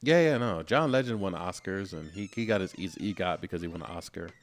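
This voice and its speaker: A young man co-hosting a podcast in relaxed casual chat, rambling with lots of "um"s. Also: low voice, brisk. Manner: relaxed, rambling, many fillers and restarts. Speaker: podcast co-host.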